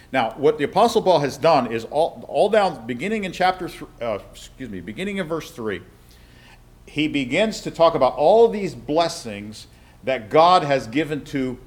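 A man with a mid-range voice teaching a Bible study to a group. He talks in a plain, conversational way and reads the text aloud, pausing often to explain and to check that his listeners follow. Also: medium pitch. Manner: reads scripture aloud with frequent asides.

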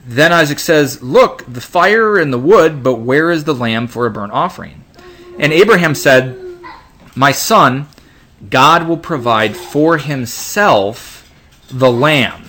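A man's voice: mid-range voice, fairly bright tone. Man reading scripture with commentary. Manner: reads scripture aloud, then comments with frequent restarts and fillers. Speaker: Bible teacher. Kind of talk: informal Bible study reading and commentary.

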